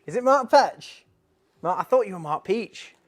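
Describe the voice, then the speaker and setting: A man's voice: high-pitched, expressive, moderate pace. A man hosting a casual live stream, chatting in a rambling way and reading out viewer comments.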